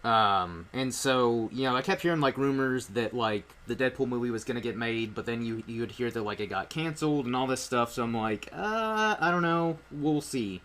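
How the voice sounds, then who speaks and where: Host, male, from Ireland, medium pitch, loose rambling delivery full of ums. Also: a little fast, few pauses, fairly bright tone. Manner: rambling, filler-heavy storytelling. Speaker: host of a movie review. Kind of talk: casual chat.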